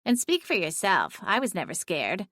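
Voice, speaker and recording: A woman's voice: mid-range voice, huge pitch swings, normal speed, a bit bright, dry recording. A woman voicing a small, sassy female talking cat who is bossy and bloodthirsty, in a dry audiobook reading. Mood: snarky. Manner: snarky, bossy, dramatic.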